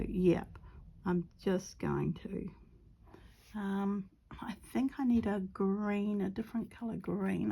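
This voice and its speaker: With a medium-pitched, darkish voice and a New Zealand accent, a middle-aged woman narrates her watercolor painting in casual chat. Her talk wanders from one topic to another, dotted with giggly asides and half-muttered comments.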